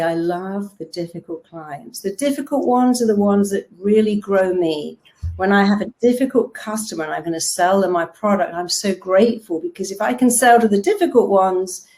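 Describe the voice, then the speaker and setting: A woman's voice: medium pitch, darkish tone. A middle-aged woman therapist giving a motivational talk, telling stories with animation and acting out the voices she quotes.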